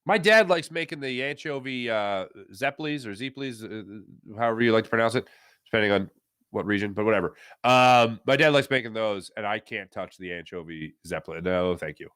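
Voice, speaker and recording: A man's voice: fairly low pitch, expressive, fairly quick, a bit bright, clean tone. A man hosting a casual live sports chat, reading viewer comments and ranting playfully with lots of ums and uhs. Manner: playful, opinionated rants with frequent fillers.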